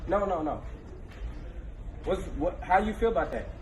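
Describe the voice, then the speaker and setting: A man's voice: high-pitched, expressive, normal speed, slight background noise, pitched above the performer's own voice. A man acting out a brash, pushy young male street rapper in an echoey room.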